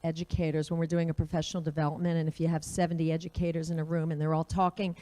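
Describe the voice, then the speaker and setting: A woman's voice: low voice, flat delivery, rapid-fire, warm tone. A woman co-presenting a kids yoga workshop at a conference, chatty and telling anecdotes.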